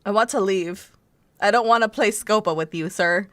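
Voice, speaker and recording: A woman's voice: mid-range voice, normal speed, fairly bright tone, no echo. A woman streaming a video game, chatting playfully with viewers and giggling often. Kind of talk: casual gameplay commentary.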